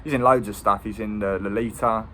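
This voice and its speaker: A man's voice: fairly low pitch, fairly even intonation, brisk, fairly bright tone, a little hiss or hum. A man giving a casual, rambling film review. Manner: rambling, with many ums and restarts.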